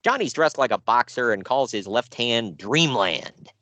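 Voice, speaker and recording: Animated sarcastic man on a podcast. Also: mid-range voice, a little slow, no echo. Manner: sarcastic, animated, laughs often. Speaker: podcast co-host reviewing wrestling shows. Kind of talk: casual podcast chat.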